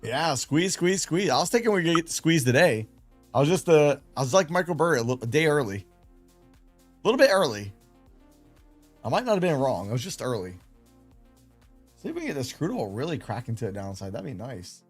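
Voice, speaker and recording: A man's voice: a little high, very animated, fairly quick, long pauses, soft background music. A man hosting a late-night trading livestream, chatting casually and rambling in a self-deprecating way. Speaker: live trading stream host.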